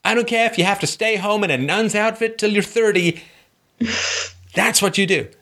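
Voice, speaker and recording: A man hosting a call-in advice show, talking forcefully and repeating his points for emphasis. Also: sits high, normal speed.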